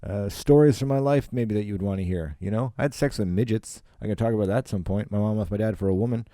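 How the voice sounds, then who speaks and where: A Canadian comedian rambles on his solo podcast from home, swearing often and filling his talk with fillers. His lowish, mellow voice moves at a quick pace. The recording comes through a home podcast microphone with studio quality and no room sound.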